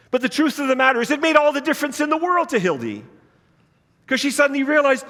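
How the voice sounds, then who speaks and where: A man with a high voice preaches in a church sanctuary, telling a personal story in an easy, earnest way. His voice trails off into a long hall reverb. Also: expressive, quick pace, fairly bright tone. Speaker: pastor. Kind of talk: sermon.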